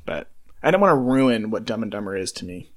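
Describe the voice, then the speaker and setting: Laid-back podcast co-host, dry replies. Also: male voice, fairly low pitch, very animated, brisk. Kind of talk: casual chat.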